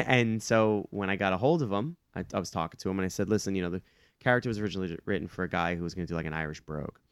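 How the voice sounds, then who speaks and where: A man with a lowish, smooth, resonant voice chatting on a podcast. He tells a filmmaking story, quotes people and laughs often. The sound is dry and close. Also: rapid-fire, no room sound. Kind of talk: casual chat.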